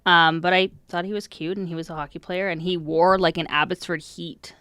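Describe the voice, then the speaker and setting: A woman's voice: lowish voice, fairly even intonation, fairly quick, sharp tone, clear, resonant tone, no echo. Giggly young woman telling a story. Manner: giggly storytelling, laughs a lot. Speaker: podcast co-host. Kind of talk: casual chat.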